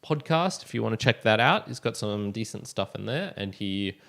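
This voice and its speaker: A man's voice: lowish voice, lively intonation, moderate pace, creaky, fairly bright tone. A young man hosting a solo podcast, talking casually and rambling with frequent restarts and chuckles. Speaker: podcast host.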